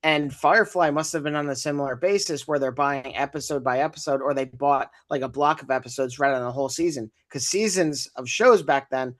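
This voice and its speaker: A man's voice: medium pitch, a little fast, few pauses. Podcast guy, blunt and a bit sarcastic, ordinary mid voice. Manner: blunt, wry and opinionated. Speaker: podcast co-host. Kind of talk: casual chat.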